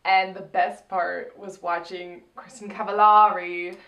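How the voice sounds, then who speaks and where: A woman co-hosting a casual review chat, animated, acting out quotes with lots of "like". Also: on the low side, measured pace. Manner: animated, acts out quotes, many "like"s. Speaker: podcast co-host. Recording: roomy echo.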